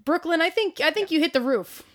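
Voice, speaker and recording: A woman's voice: extremely high pitch, lively intonation. A woman co-hosting a tabletop game podcast, chatting casually and playfully, laughing often and teasing her co-host. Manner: playful, giggly, quick to tease. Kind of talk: casual chat about past games.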